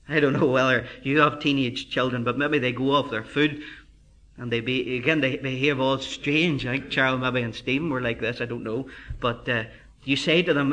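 A man preaching a sermon with fervent emphasis, slowing down for scripture and dropping into quiet asides to the congregation. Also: mid-range voice. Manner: emphatic, builds to fervent climaxes; drops to a quiet conversational aside.

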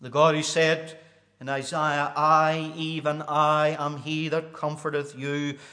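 A man preaching a sermon, reading scripture in a King James cadence and swelling into loud, high declamation. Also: flat delivery, slow.

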